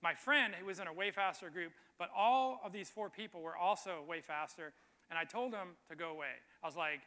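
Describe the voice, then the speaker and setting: Guy preaching, pretty high voice, punchy and bright, keeps repeating his point, big echoey church hall. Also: brisk. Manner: conversational storytelling with emphatic repetition. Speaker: pastor. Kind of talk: sermon. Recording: long hall reverb.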